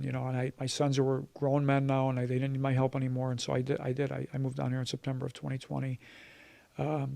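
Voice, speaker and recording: Gravelly fifty-something man, halting and earnest. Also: mid-range voice, warm tone, no echo. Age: 50s. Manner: halting and earnest, with many fillers and restarts. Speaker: church member sharing his testimony. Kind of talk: personal testimony in conversation.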